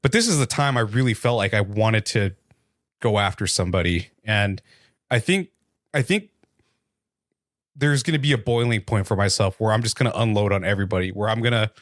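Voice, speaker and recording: A man co-hosting a podcast, talking in a measured, frank way about his frustrations. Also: fairly low pitch, dry recording, clean studio sound. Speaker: podcast co-host. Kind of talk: casual chat.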